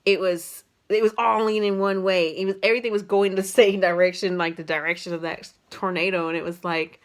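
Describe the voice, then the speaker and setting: A young adult woman tells a personal story to her vlog audience in a casual, rambling way. Her voice sits a little low for a woman, and she leans on fillers and restarts as she talks. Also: steady tone, brisk. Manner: rambling, many fillers and restarts, emotional retelling. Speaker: vlogger.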